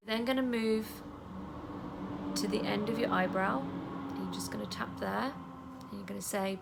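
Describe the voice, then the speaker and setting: A woman leading an EFT tapping session in a casual, chatty way, saying the affirmations softly and trailing off into a whisper. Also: medium pitch, steady tone, normal speed, creaky, a little hiss or hum. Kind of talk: guided tapping instruction.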